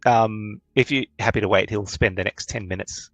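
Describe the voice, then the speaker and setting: A man narrating as game master, with many pauses and restarts. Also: lowish voice, steady tone, a bit bright, dry recording. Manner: hesitant, full of ums and restarts.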